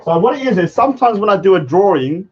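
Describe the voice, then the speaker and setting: A man's voice: high-pitched, lively intonation, fast talker, slight background noise. A man chatting on a livestream and muttering to himself as he searches for things. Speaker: livestreaming artist. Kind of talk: casual livestream chat. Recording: dull lo-fi stream audio.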